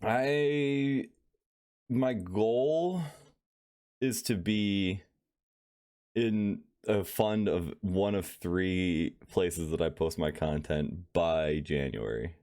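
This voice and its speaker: Man, very low voice, easygoing, laughs a lot, casual podcast chat. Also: very slow, darkish tone. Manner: easygoing, laughs often, trails off mid-sentence. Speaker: podcast co-host, aspiring voice actor.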